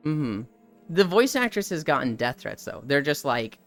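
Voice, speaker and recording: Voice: mid-range voice, big pitch swings, normal speed, a bit bright, faint music behind. A streamer chatting casually on a live stream about a video game, rambling and swearing freely.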